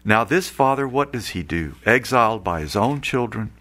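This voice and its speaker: A man's voice: fairly low pitch, animated, moderate pace, fairly bright tone. A man preaching an earnest Catholic radio sermon, rising now and then to emphatic outbursts.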